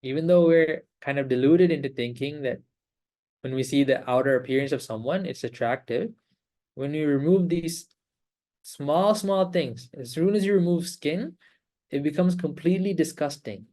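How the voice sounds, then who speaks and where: A man leading an online meditation class over a video call, explaining calmly with repeated phrases and rhetorical questions. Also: a little high, moderate pace. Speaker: meditation teacher.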